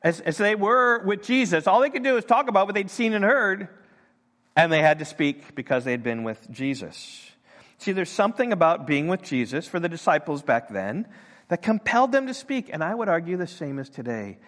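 An older man delivers a sermon in an animated, storytelling way, slipping into other people's voices as he quotes them. His voice sits a little high for a man, and it carries a long reverb, as if heard in a large hall. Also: moderate pace. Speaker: pastor.

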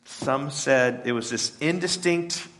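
A man preaching a sermon in a conversational way, often checking in with "right?" and voicing the crowd's lines in a higher, animated tone. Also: normal speed. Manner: voices the crowd's lines in a raised, animated pitch. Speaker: pastor.

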